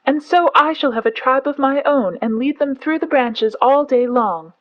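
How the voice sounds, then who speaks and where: A woman voicing a boastful, sulky young boy raised in the jungle, speaking in a raised, excited way in a storybook reading. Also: on the high side, moderate pace, lo-fi sound, voice pushed up, natural voice. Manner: excited, raised, show-off talk.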